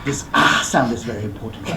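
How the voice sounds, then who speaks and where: A playful rakugo performer coaxes the audience through each step of the performance. The voice rises and falls with great liveliness and has a gravelly edge. An echoey hall carries it, with faint noise behind. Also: medium pitch. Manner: playful, coaxing, gives step-by-step instructions. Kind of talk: live demonstration to an audience.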